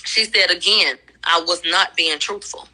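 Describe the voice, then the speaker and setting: Bright-voiced woman recapping casually. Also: on the low side, a little slow, rough recording. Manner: conversational, profane, acts out quoted lines. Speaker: commentator recapping a trial.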